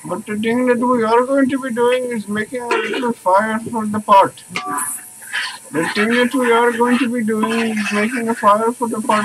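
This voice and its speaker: A man's voice: extremely high pitch, steady tone, moderate pace, noisy background. A man chatting casually in a family vlog, playful and prone to sing-song repetition, outdoors by a forest stream. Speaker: family vlogger.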